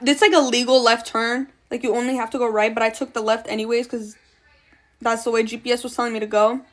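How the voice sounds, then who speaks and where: A young woman telling a chaotic personal story in a casual, swearing, animated way, acting out what people said. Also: fairly high pitch, fast talker. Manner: swearing, animated retelling with quoted voices.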